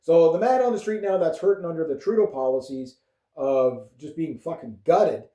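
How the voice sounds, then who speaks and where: Canadian male vlogger, mellow voice sitting a touch high, rambles and swears, roomy echo. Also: moderate pace. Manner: rambling, profane, with frequent fillers and chuckles. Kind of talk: casual political rant. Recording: echoey room.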